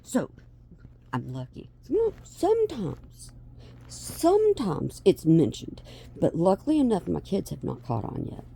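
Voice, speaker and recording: A woman's voice: fairly low pitch, a little slow, creaky. A mother vlogging to her viewers in a rambling, chatty way, often losing her track and starting again. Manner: animated, chatty, trails off and restarts. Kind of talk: rambling casual chat to camera.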